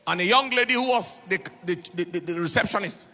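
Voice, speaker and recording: Gravelly, high-pitched preaching man. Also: brisk, bright, forceful tone. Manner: emphatic, repeats words and phrases; laughs while telling stories. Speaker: pastor. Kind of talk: preaching sermon with personal stories.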